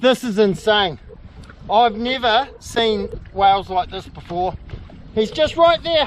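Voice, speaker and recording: High-voiced excitable New Zealand man. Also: takes it slowly, poor audio. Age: middle-aged. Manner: excitable, exclaiming, calls out loudly. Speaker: kayak fishing host. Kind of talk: excited outdoor vlog narration. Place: on a kayak at sea, outdoors. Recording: wind and water noise.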